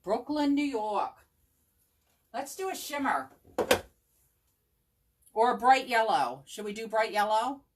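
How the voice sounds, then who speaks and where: A woman's voice: on the high side, animated, slow, long pauses, slight background noise. A woman running a live crafting tutorial at home, chatting with viewers, thinking aloud and answering them by name. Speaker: chalk craft demonstrator. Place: home craft table with her dog at her feet.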